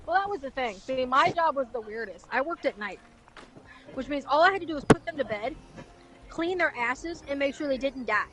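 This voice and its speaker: A woman's voice: sits high, lively intonation, a little fast, background noise. A woman streaming and chatting, telling blunt, crude stories about her old job. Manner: blunt, crude, laughing at her own story. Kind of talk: casual storytelling chat.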